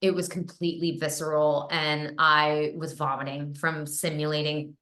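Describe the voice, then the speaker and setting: A woman film director talking casually in an interview, telling an animated story with frequent laughs. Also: low voice, moderate pace. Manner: animated storyteller, acts out quotes, laughs often. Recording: roomy echo.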